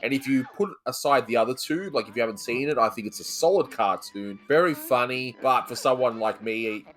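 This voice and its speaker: Guy hosting a laid back cartoon review chat, mid pitched voice, kinda stop start, laughs a lot. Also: fairly quick, a bit bright. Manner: chatty, laughs often, stop-start phrasing. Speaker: podcast host and cartoon reviewer. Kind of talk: casual chat.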